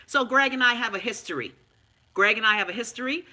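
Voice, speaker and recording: A Bahamian woman hosting a casual live stream, frank and animated, swearing freely and answering viewer comments. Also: a little high, quick pace. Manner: loud, animated, talks back to viewer comments.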